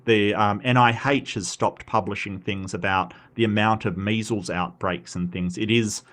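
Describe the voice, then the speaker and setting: Casual Australian male stream host, lower pitch, animated and rambling. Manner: animated, quick pitch jumps, frequent fillers and restarts. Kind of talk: casual chat reading posts.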